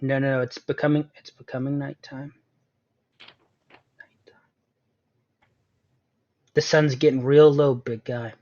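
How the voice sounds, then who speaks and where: A man's voice: mid-range voice, little pitch movement, measured pace, long pauses, a little mellow. A man narrating as game master in a tabletop game, casually and with many fillers. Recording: dull lo-fi sound.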